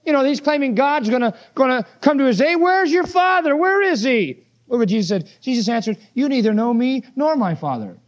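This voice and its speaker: A man's voice: very high-pitched, expressive, fast talker, hardly any pauses, darkish tone, dull audio. A man preaching a sermon verse by verse, emphatic and full of rhetorical questions.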